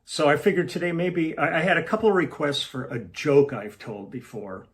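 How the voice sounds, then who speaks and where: A musician hosting a casual home livestream, rambling and breaking off mid-thought before telling a joke. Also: male voice, fairly high pitch, normal speed. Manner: rambling, self-interrupting storyteller. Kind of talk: casual chat to camera.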